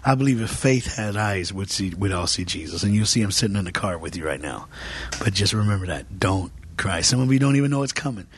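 A man as a guest preacher in an interview, talking fervently with many fillers and repeats, sometimes dropping to a soft near-whisper. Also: lowish voice, animated, fast talker, a little hiss or hum. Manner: filler-heavy, repeats words.

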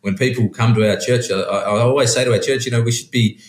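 A man, a pastor and sheep farmer, talking in a relaxed, rambling way with frequent restarts. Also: medium pitch, fast talker. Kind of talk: casual conversation. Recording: roomy echo.

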